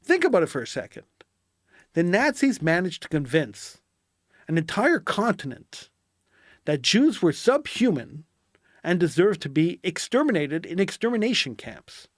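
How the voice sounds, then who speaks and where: Fired-up guy ranting on his own, bit high voice, dry close sound. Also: very animated, moderate pace, no echo. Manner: impassioned, indignant, repeats phrases for emphasis. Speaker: political commentator. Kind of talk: solo commentary monologue.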